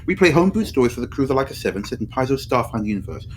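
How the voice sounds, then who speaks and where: A man's voice: very animated, a little hiss or hum. A man from the UK reading an upbeat podcast promo. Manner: brisk, upbeat pitch. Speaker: promo reader.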